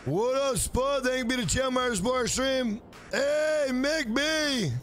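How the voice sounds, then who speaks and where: A man's voice: extremely high pitch, unhurried, a bit bright, slight background noise. A man around forty, streaming a game live, hyping up and thanking his chat in a casual, profane way. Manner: hyped, profane, reads out viewer names.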